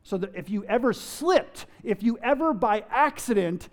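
This preacher's voice sits high and sounds animated, moving at a moderate pace. He keeps asking his listeners rhetorical questions and playfully acts out ordinary remarks with a chuckle.

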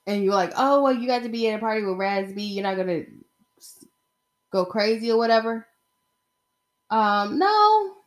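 A young woman hosting her own podcast, chatting casually and animatedly, getting excited as she tells stories. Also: mid-range voice. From Atlanta area. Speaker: podcast host. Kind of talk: casual solo podcast chat.

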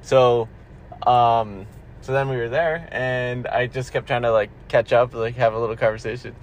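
A man's voice: mid-range voice, fairly even intonation, moderate pace, slight background noise. A young man co-hosting a podcast in casual chat, laughing often and telling stories with restarts. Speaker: podcast co-host.

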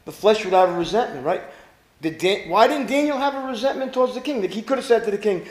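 Pastor guy preaching, real high voice that jumps all over, echoey room. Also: quick pace. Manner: animated preaching, rhetorical questions to the congregation. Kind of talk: sermon.

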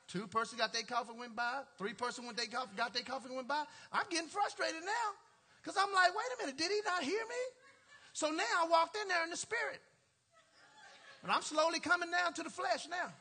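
High, bright-voiced preacher man. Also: fairly quick, slightly rough. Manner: animated, laughing, playful asides to the congregation; colloquial, drawling "y'all" and "ain't". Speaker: pastor. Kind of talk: storytelling sermon.

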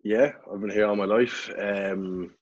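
A man's voice: on the low side, fairly even intonation, measured pace, muffled recording. A man in his twenties with an Irish accent, a guest talking in a laid-back, casual way with some swearing, heard over a video call. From Ireland. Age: 20s.

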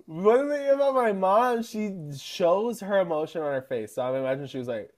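A man's voice: high-pitched, animated, brisk, darkish tone. Chatty, giggly young man. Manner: chatty and giggly, often laughing mid-sentence. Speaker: podcast co-host. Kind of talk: casual chat.

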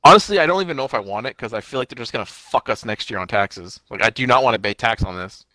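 A man's voice: mid-range voice, expressive, fast, bright, forceful tone, no room sound. A young man in casual chat, teasing his friend and calling him buddy.

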